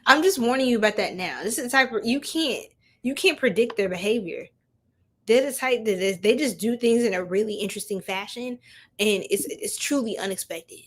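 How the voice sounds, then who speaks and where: A woman's voice: on the high side, a little fast, fairly bright tone. A young woman giving a chatty live-stream tarot reading, laughing often and talking straight to her viewers in slang. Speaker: tarot reader.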